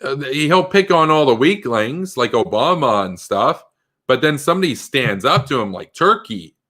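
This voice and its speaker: A male political commentator delivering a fiery monologue, emphatic and combative, firing off rhetorical questions. His voice is bright and forceful at a middle pitch. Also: big pitch swings, normal speed.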